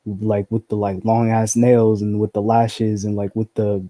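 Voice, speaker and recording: A man's voice: lowish voice, flat delivery, measured pace, mellow, no room sound. A young man in casual group discussion, blunt and profane, peppering his talk with "like". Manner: blunt, profane, heavy use of "like" fillers.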